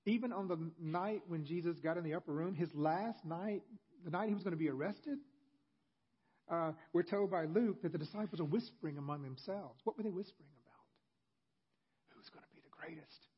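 A man's voice: high-pitched, fairly quick, slightly rough, highs cut off. A male pastor giving a sermon in a conversational storytelling manner with humorous asides.

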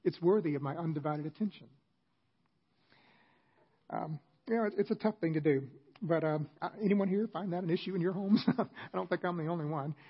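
A man's voice: high-pitched, quick pace, husky, dull audio. A middle-aged man, a pastor, giving an earnest, conversational sermon with self-deprecating asides.

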